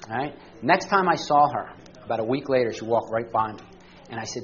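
A man's voice: mid-range voice, animated, measured pace, long pauses, a bit bright, lo-fi sound, a faint crowd. A man teaching a church study class to a group, talking conversationally and often checking in with the listeners by asking them questions. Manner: conversational, asks the group questions, frequent "all right?".

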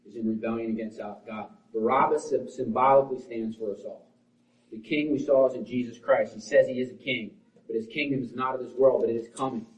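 A man preaching a sermon as pastor, swinging between forceful, loud lines and hushed, quiet ones. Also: medium pitch. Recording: roomy, distant, dull sound.

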